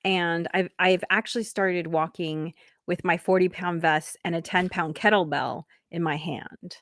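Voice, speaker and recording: A woman's voice: lowish voice, fairly even intonation, unhurried, a bit bright, no room sound. Chatty woman host, close dry sound. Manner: chatty and upbeat, with many fillers. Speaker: comedy show host. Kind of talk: casual promotional chat.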